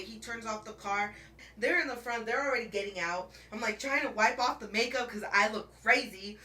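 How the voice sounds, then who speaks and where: A woman's voice: a little high, sharp tone, reverberant, far from the mic. A woman vlogger telling a dramatic story in a casual chat, laughing often and calling the viewer bestie while she paints her nails.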